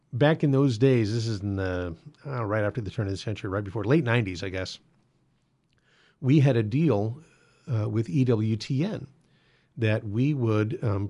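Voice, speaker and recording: A man's voice: fairly low pitch, warm tone. A man hosting a Catholic apologetics talk, explaining doctrine in a conversational way with many fillers and restarts. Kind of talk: casual explanatory monologue.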